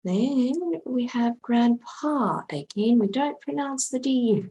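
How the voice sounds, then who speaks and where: Slow, patient woman teacher. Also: a little high, expressive, dark tone, rough recording. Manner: patient, spells words aloud letter by letter. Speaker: English teacher. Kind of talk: slow, careful vocabulary lesson.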